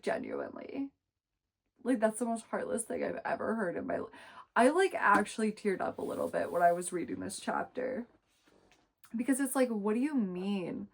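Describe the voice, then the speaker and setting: A woman reviewing a book in a casual vlog, exasperated and emphatic, ranting and swearing freely. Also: fairly high pitch. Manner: expressive, emphatic.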